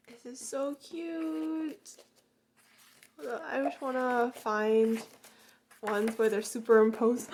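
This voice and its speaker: A woman with a high voice narrates an unboxing in a loose, casual way. She is gushing and excitable, prone to gasps and squeals. Now and then she drops to a hushed whisper. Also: moderate pace, slight background noise. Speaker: unboxing vlogger.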